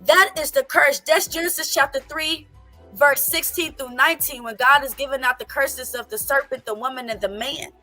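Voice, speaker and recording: Bright, blunt Southern woman host. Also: high-pitched, normal speed, soft background music. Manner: blunt, animated, preachy at times. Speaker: podcast host. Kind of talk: casual group chat.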